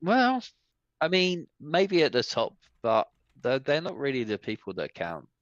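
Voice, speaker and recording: A man hosting a casual podcast chat, talking in animated, opinionated rants. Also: mid-range voice, measured pace, no echo. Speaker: podcast host. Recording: dull, dry podcast mic.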